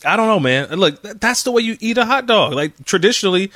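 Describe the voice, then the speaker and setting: Lively, laughing male co-host, bright and animated. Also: high-pitched, fast, no room sound, studio quality. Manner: lively, laughs easily, repeats himself while thinking. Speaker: co-host reading listener questions. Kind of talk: casual chat.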